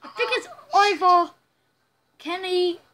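A young woman with a high voice talks through a story game in a chatty, reactive way and often breaks into loud dismay. A faint hiss sits under her voice. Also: takes it slowly. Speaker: gamer playing a story game. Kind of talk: let's play commentary.

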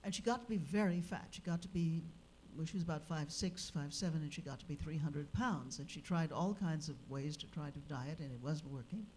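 A woman speaker at a religious gathering, telling an anecdote in a lively, animated way with humorous asides. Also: low voice, fairly quick, few pauses, a little hiss or hum. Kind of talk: anecdotal storytelling. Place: live gathering hall.

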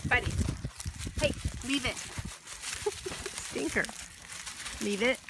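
Woman in high sing-song pet talk. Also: animated, drawn-out words, very noisy. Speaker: dog owner filming her pets. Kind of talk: casual talk to her dogs while unboxing. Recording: loud paper crinkling behind voice.

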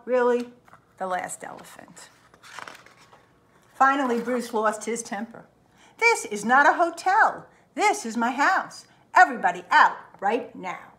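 A woman librarian reading a picture book aloud to children, expressive and chatty, often checking in with "right?". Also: medium pitch. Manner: lively, expressive storytelling with frequent "right?".

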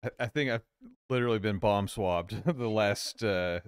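A man's voice: fairly low pitch, normal speed, clear, resonant tone, no echo, clean studio sound. A man casually chiming in with wry, laid-back remarks. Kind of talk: casual chat.

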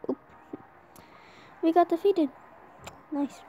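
A woman giving excited live gameplay commentary while she has a sore throat from an oncoming cold. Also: high voice, a little slow, long pauses, faint music behind. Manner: excitable, urging the game on aloud. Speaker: gamer.

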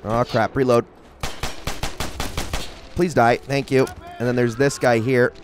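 A young man giving casual, excitable commentary while playing a shooter game, talking to himself and the enemies. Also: mid-range voice, slow, noisy background. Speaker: gaming channel host.

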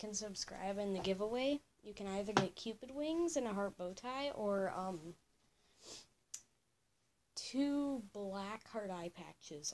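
A young teenage girl rambling in a casual home vlog, drifting into soft whispered asides and cooing high at her pet. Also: a little hiss or hum. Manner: high coo when talking to her pet. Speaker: vlogger. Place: home room.

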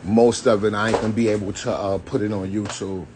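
A man's voice: fairly low pitch, little pitch movement, a little fast, darkish tone, slight background noise. A man giving loose, slangy live-stream commentary and talking straight to his viewers. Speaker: YouTube commentator.

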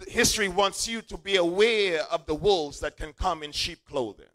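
A man's voice: sits high, moderate pace, fairly bright tone, low-quality recording. A male preacher delivering a sermon in church, repeating key lines and calling on the congregation to say them back. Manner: call-and-response preaching, repeating lines for emphasis.

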